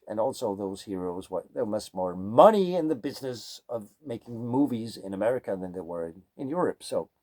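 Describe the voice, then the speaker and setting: A man's voice: medium pitch, warm tone. A Danish man with a Danish accent, a music teacher talking in a digressive monologue and often groping for words. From Denmark. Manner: digressive, gropes for words with many fillers. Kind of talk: rambling spoken monologue.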